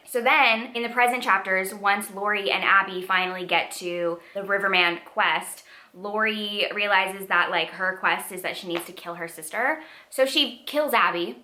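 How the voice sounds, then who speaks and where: A young woman chatting about books in a lively vlog, with a bright, sharp voice. She talks expressively and animatedly, often trailing into fillers. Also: mid-range voice. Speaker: book vlogger. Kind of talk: casual book review vlog.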